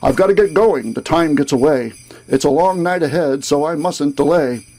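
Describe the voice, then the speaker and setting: A man voicing a drunken, boastful old Santa figure on a boat, loud and jovial in a comic rhyming poem. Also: on the high side, normal speed, faint music behind, lightly acted. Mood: boozy, jolly.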